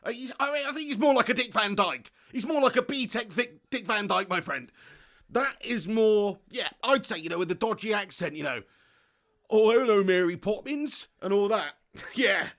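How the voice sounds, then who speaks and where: A high-pitched young man speaking at normal speed hosts a live football watch-along. Excitable and quick to laugh, he reads out viewer comments and swears casually.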